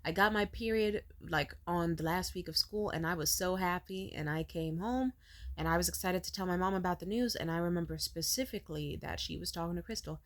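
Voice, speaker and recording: Woman in her 20s, lowish voice, vlog rant, blunt and bitter with a lot of swearing. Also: fairly quick. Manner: wide pitch swings when animated. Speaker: vlogger. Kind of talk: storytelling rant.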